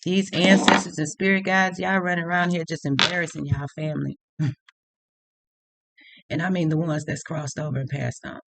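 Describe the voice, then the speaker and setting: A woman's voice: low-pitched, steady tone, moderate pace, vocal fry, background noise. A woman tarot reader delivering an unscripted rant to her viewers, blunt and heavily profane, laughing now and then at her own points.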